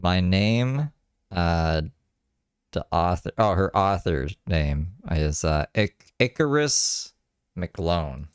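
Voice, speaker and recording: Deep, smooth-voiced man muttering commentary. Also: animated, takes it slowly, no echo, studio quality, soft background music. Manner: muttering, wry and rambling. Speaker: streamer reacting to another stream. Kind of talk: casual live-stream commentary.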